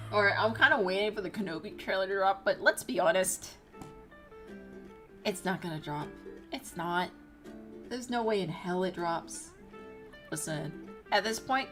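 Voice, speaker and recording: A young woman streamer chatting casually, telling a story with lots of swearing and laughter and acting out both sides of old arguments in squeaky voices. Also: animated, measured pace, long pauses, music in the background. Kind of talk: casual rambling stream chat.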